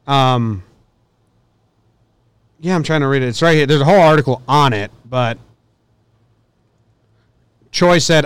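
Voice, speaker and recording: A man's voice: mid-range voice, a little slow, long pauses, clear, resonant tone, dry recording. A man co-hosting a baseball podcast in casual sports talk, laid-back and teasing his partner.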